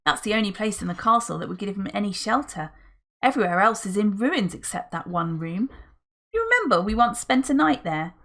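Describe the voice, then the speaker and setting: A woman's voice: medium pitch, very animated, fairly quick, fairly bright tone. Dick, a woman reading an eager practical boy.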